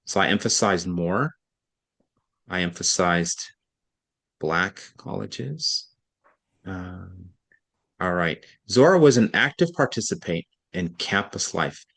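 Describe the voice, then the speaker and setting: A man working as a reading tutor, reading a passage aloud and coaching, deliberately stressing key words and slowing down to make a point. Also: deep voice, lively intonation, fairly bright tone.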